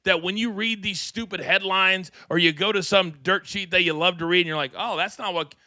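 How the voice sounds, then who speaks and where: Bright, energetic male talk-show host. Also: high-pitched, no echo, clean studio sound. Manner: energetic, fast promo-style delivery. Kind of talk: live wrestling talk show. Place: studio.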